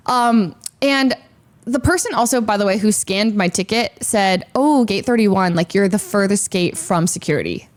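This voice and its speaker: A young woman with a fairly high voice recounts a hectic story in a casual streaming chat. She talks in quick bursts, full of fillers, little sound effects and acted-out quotes of other people.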